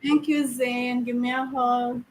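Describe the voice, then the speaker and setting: A woman's voice: fairly high pitch, flat delivery, a little slow, a little hiss or hum, poor audio. A woman teacher, chatting playfully with her pupils in a classroom and teasing them with questions. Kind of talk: casual chat with pupils.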